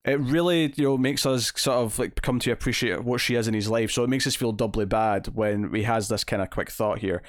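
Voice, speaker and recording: A man's voice: mid-range voice, a little fast, few pauses. A man chatting casually about comic books, his voice sitting in a middle range. He rambles through fillers and restarts and slips into acted-out quotes as he goes. The sound is dry and close, with no room echo. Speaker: podcast co-host. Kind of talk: casual comic book discussion.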